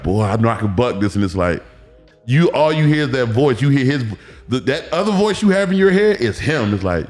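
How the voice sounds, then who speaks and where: A man in his thirties from Miami, a former pro football player, telling stories as a podcast guest in a loose, animated way, acting out quotes and swearing freely. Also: mid-range voice, a little fast. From Miami, Florida. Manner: animated, acts out quotes, profanity, repeats words. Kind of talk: casual storytelling interview.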